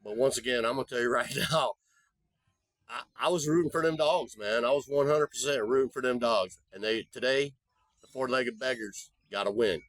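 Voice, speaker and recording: A man spins a casual story for his vlog, folksy and rambling, swearing freely as he goes. His voice sits at an ordinary middle pitch, recorded dry and close with no room sound. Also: normal speed, fairly bright tone, no room sound. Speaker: vlogger. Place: abroad in the Philippines.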